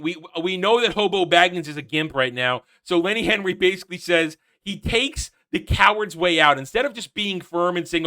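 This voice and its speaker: A man's voice: sits high, animated, normal speed, bright, forceful tone. A man giving a casual, sarcastic episode review, mocking and ranting with frequent laughs. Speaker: TV show reviewer.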